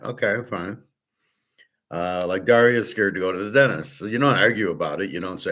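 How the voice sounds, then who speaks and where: Rambling deep-voiced man. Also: normal speed, fairly bright tone. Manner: loose and digressive, with frequent restarts and filler words. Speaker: host. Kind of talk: rambling casual monologue.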